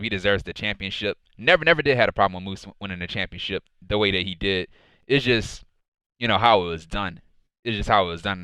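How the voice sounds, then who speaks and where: Fan-reviewer guy, loose rambling recap, bright forceful tone, close and dry. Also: fairly low pitch, clear, resonant tone, no echo. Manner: rambling, heavy on "and so, yeah, man" fillers. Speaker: wrestling show reviewer. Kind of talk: casual recap commentary.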